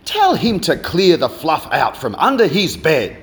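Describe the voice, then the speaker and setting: A man's voice: on the high side, wildly swooping pitch, a bit bright, voice pushed up, full character voice. A man doing a smug, puffed-up big brother. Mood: taunting. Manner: quick, mocking repetition.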